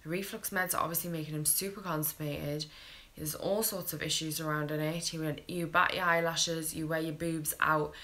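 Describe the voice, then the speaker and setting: A woman's voice: low-pitched, level tone, normal speed, fairly bright tone. A British mother, tired, telling her baby's story to camera in a blunt, candid way and swearing freely. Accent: British English.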